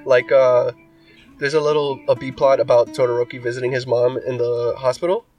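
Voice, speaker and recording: A man's voice: medium pitch, flat delivery, a little fast, a little mellow, far from the mic, faint music behind. A man co-hosting a casual podcast chat. He rambles and packs his talk with "like" and "um". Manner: rambling, filler-heavy with many likes and ums. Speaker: podcast co-host.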